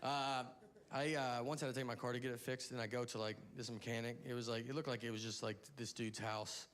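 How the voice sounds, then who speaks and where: A man's voice: medium pitch, little pitch movement, a little fast, a bit bright, a little hiss or hum. A man from the American South doing stand-up, telling a rambling, self-interrupting story. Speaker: stand-up comedian. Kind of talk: stand-up comedy routine.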